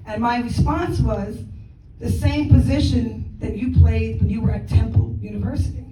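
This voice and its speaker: A woman guest speaker giving a motivational talk, telling a lively story, acting out conversations and laughing often. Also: fairly high pitch, normal speed, recorded from a distance. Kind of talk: motivational speech. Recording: echoey hall, speaker away from the mic.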